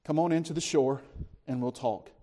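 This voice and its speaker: A man preaching a sermon, retelling scripture as a story, asking his listeners questions and lifting his voice when he speaks the disciples' lines. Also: normal speed. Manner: animated storytelling, voices the disciples' words with rising pitch; conversational, asks the listeners questions.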